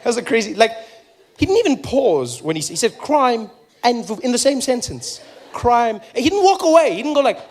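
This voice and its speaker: A South African man performing a stand-up comedy set, animated and acting out voices for punchlines. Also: very high-pitched, normal speed.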